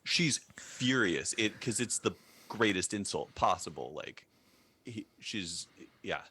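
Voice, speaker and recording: A man's voice: fairly low pitch, takes it slowly, breathy edge. A man co-hosting a podcast, animatedly retelling a comic book plot with lots of fillers. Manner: animated storyteller with many fillers and restarts. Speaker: podcast co-host. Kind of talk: casual comic book recap chat.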